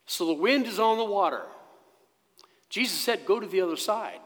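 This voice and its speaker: Male pastor, slow dramatic sermon delivery, animated pitch, slightly high voice, reverberant church. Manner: slow, dramatic storytelling with sudden hushed drops. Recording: long echo of a church hall.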